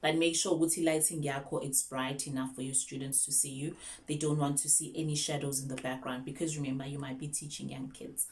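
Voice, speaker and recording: A woman's voice: very deep voice, flat delivery, fairly quick. A young South African woman, an online English teacher, chatting casually through tips and mixing English with Zulu.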